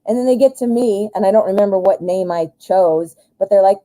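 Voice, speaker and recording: A sing-song, mid-pitched voice with a slightly mellow quality carries this US woman's live-stream tarot reading at normal speed with few pauses. Married and adult, she rambles with many fillers, strays into side topics, and makes jokes at her own expense. The recording quality is low.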